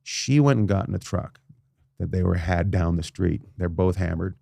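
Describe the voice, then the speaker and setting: A man from Canada spins stories as a podcast guest. His voice sits at a middling pitch with a gravelly edge. He talks in a close, dry studio sound, restarting sentences and checking in with "right?". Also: normal speed, mellow, no room sound. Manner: rambling anecdotes with restarts and frequent "right?". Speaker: guest comedian. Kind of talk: casual podcast storytelling.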